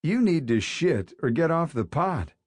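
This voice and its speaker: A man's voice: on the high side, very animated, unhurried, no room sound, clean studio sound, pitched above the performer's own voice. A man voicing a wisecracking, teasing male teacher in an audiobook, with a mocking, joking delivery. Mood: needling. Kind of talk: audiobook character voice.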